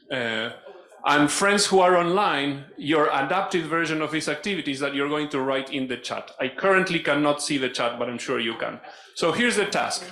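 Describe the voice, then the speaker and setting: A man facilitates a live workshop session in a playful, animated way. His voice sits slightly high. The room has a strong echo around him. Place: conference room. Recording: echoey room.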